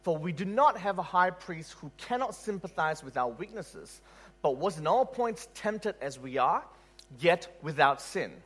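A man preaching a sermon in an animated way, asking rhetorical questions and laughing at his own stories. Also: sits high, unhurried.

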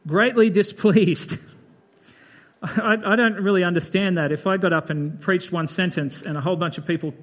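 A man's voice: high voice, steady tone, normal speed, fairly bright tone. A man giving a conversational Bible sermon, breaking off from the reading to comment in a chatty, reflective way. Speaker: preacher.

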